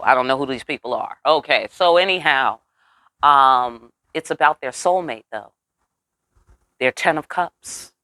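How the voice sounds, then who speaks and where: A woman giving a casual tarot reading, animated and profane with chatty asides. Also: very deep voice, no echo. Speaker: tarot reader.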